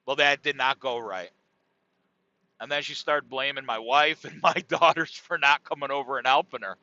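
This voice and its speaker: A man's voice: medium pitch, normal speed, pushed and bright, no room sound. A middle-aged man hosting a podcast, talking in a rambling, laid-back and profane monologue. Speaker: podcast host. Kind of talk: casual comedic monologue. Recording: dull dry lo-fi sound.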